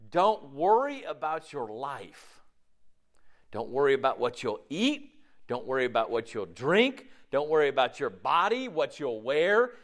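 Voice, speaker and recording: Man preaching, high voice, very lively swings, chatty, keeps asking okay. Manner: animated, conversational preaching with frequent "okay?" check-ins; acts out inner dialogue in shifting voices. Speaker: pastor. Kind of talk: sermon.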